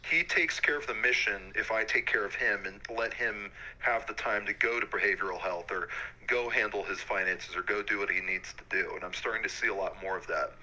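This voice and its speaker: A man in his thirties, an Army warrant officer, talking frankly in a relaxed interview with many fillers. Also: fairly low pitch, poor audio. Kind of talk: casual interview.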